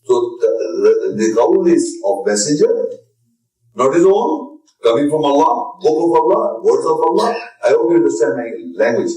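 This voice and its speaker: A man's voice: on the high side, very animated, moderate pace, dark tone, far from the mic. Insistent male lecturer in an echoey room. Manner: insistent, repetitive, emphatic. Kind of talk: lecture with audience questions.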